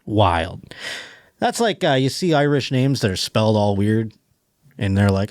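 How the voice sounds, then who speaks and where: This is a man hosting a comedy podcast, reading stories aloud and joking through them. His voice swings widely in pitch and sounds dry and close to the microphone. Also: normal speed, no echo. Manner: joking, laughing, lively reading of news stories. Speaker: podcast host. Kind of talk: casual comedic chat.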